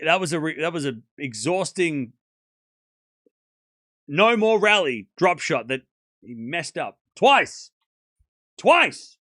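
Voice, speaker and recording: A man streaming live play-by-play commentary of a tennis match, calling each shot and reacting loudly to big points. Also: on the high side, no echo, clean studio sound. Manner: excitable, animated, calls each shot. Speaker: watchalong commentator.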